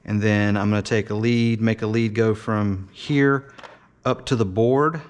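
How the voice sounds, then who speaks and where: In a casual workshop show-and-tell, a man walks through his model build, rambling with frequent fillers and restarts. He speaks a little slowly in a smooth, lowish voice with a steady tone.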